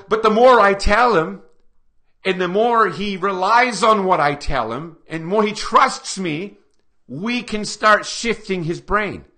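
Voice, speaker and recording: A man presenting a seminar to a live audience, energetic and full of rhetorical questions aimed at the room. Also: high-pitched. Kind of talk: live lecture to a small audience.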